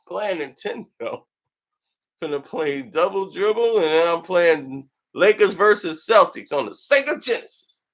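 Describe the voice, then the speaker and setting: An unhurried, animated man with a high, slightly bright voice hosts a film review channel. The talk is casual, packed with laughter, animated storytelling and quotes performed in put-on voices.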